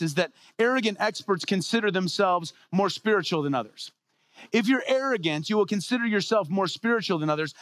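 A man's voice: sits high, no room sound. A man preaching a sermon as a pastor, conversational and full of rhetorical questions.

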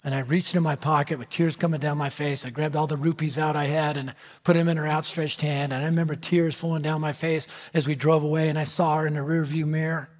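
A middle-aged American man preaching a storytelling sermon, animated and dramatic, dropping to a hush for emphasis. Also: a little high, fast, hardly any pauses. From United States. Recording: reverberant hall.

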